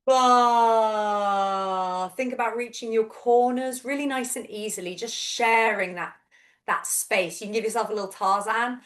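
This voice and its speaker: A woman in her thirties, a vocal coach gently and encouragingly guiding a voice and breath workshop over a video call. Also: fairly high pitch, steady tone, normal speed. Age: 30s.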